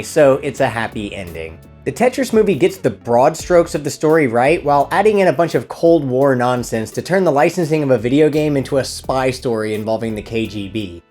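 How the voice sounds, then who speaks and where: A man reads a scripted comedic film review in a middle-pitched voice. His delivery is dry and sarcastic. Faint music runs under his narration. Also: a little mellow.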